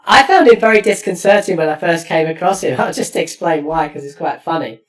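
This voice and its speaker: Chatty host heard from off-mic. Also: male voice, on the high side, animated, brisk, fairly bright tone. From East London, England. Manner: chatty, storytelling, frequent restarts. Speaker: podcast host. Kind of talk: casual interview chat. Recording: distant from the mic.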